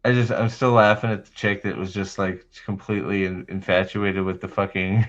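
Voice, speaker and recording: A man's voice: fairly low pitch, normal speed, fairly bright tone, lo-fi sound. A man hosting a livestream in casual chat, rambling and swearing heavily, often restarting his sentences. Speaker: livestream host.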